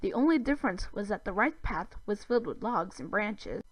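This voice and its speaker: A woman's voice: medium pitch, expressive, moderate pace, breathy edge, no room sound, rough recording. A woman narrating a fan fiction story in a plain storybook manner. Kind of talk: reading fan fiction aloud.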